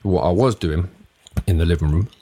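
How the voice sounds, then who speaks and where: A man's voice: low voice, a little fast, noisy background. A man hosting a solo podcast, rambling and swearing as he jumps between topics. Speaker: podcast host.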